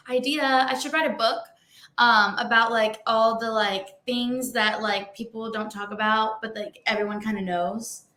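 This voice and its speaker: Fired-up young woman, bright echoey voice. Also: fairly high pitch, fairly even intonation, measured pace. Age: young adult. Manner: blunt and fired up, swearing. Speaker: podcast co-host. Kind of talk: casual chat. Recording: echoey room.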